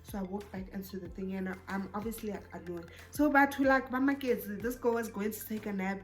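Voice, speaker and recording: A young South African woman telling a storytime vlog, animated and code-switching, who rises into exasperated bursts. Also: medium pitch, fairly quick, hardly any pauses, faint music behind. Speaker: YouTuber.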